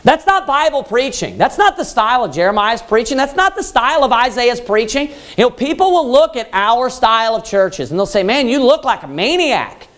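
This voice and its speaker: A man preaching a Baptist sermon loudly and emphatically, repeating his points and rising to yelling. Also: very high-pitched, big pitch swings, a little fast, few pauses. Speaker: pastor.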